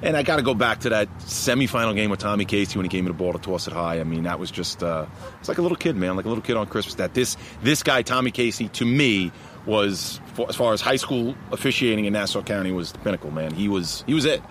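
Chatty Long Island referee outdoors. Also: male voice, fairly low pitch, fast. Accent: Long Island New York. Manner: animated, laughs often, says "man" a lot. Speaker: basketball referee, interview guest. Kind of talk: casual storytelling interview. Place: outdoors in a park, traffic behind. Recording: faint outdoor traffic noise.

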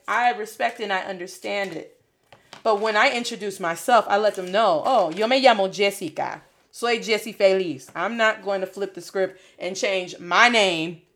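A woman's voice: medium pitch, fairly bright tone. A woman coaching learners in a casual video lesson, encouraging and dropping Spanish phrases into her English.

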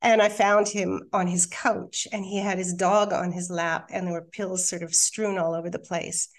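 A middle-aged woman, a podcast guest, telling a painful personal story with halting restarts, then reading her own poem. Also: lowish voice, level tone. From Australia. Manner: candid, emotional, halting with restarts. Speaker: guest, hypnotherapist and coach.

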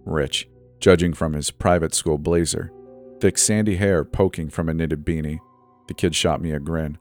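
A man's voice: deep voice, steady tone, moderate pace, a little mellow. A man narrating a first-person horror story in a tense, storytelling delivery. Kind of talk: scripted narration. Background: faint background music.

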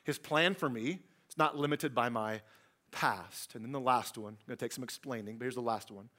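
A man preaching a sermon, telling the story with humor and swinging from hushed to loud. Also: mid-range voice, fairly quick. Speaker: pastor.

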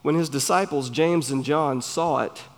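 A man with a Southern US accent, preaching a sermon in an earnest, emphatic way with pauses between phrases. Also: fairly high pitch. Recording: long hall reverb.

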